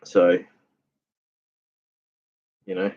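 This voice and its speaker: A tired man hosting a casual livestream, reading chat comments with many fillers, restarts and laughs. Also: darkish tone. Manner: rambling, halting, lots of fillers and restarts, laughs often. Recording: dull lo-fi sound.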